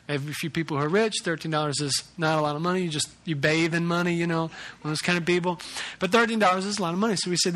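Bright-voiced, high-pitched male pastor. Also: racing. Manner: conversational, animated storytelling with restarts. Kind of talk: sermon with a personal story.

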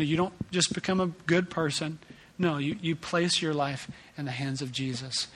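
A man's voice: fairly high pitch, a bit bright. A man preaching a sermon at a church service, speaking earnestly and conversationally, with frequent restarts. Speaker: pastor.

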